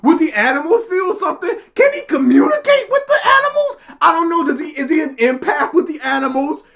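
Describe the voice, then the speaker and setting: A woman's voice: high-pitched, big pitch swings, brisk, gravelly, fairly bright tone. A woman streamer ranting in casual commentary, exasperated and sarcastic, mocking characters in put-on voices. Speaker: streamer reacting live.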